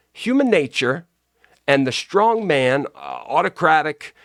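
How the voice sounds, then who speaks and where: A man's voice: medium pitch, dry recording. Male vlogger, combative cursing rant, medium voice, dry recording. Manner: profane, combative, repetitive. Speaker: political commentator. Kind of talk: angry political rant.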